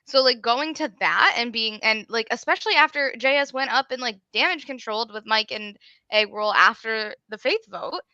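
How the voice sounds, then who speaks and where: A woman's voice: on the high side, normal speed, pushed and bright, no room sound. A woman guest on a live discussion show, giving her opinions with enthusiasm in casual chat. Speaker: guest panelist. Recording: dull lo-fi audio.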